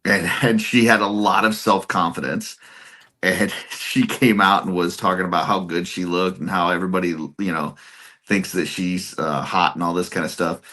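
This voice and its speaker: A man's voice: deep voice, fairly even intonation, moderate pace, bright, forceful tone. A man in his thirties telling funny stories in a casual chat, laughing often. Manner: storytelling, giggles often.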